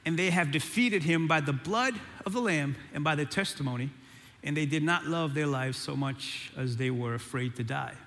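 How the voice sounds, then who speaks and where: A man delivers an animated sermon, calling out to the crowd for a response. His voice sits high and rings bright. Long hall reverb trails behind every phrase. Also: moderate pace. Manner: animated preaching with call-and-response. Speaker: pastor.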